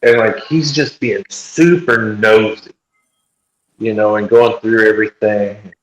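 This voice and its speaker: A man telling a story in casual chat, animated, and acting out what other people said. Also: lowish voice, measured pace. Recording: echoey room.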